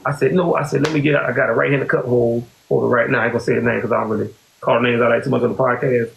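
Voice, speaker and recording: Rapid-fire and gravelly, this man's mid-range voice holds fairly even intonation as he hosts a podcast. He rambles casually through a personal story, often returning to "you know what I'm saying." There's echo in the room and a faint hiss.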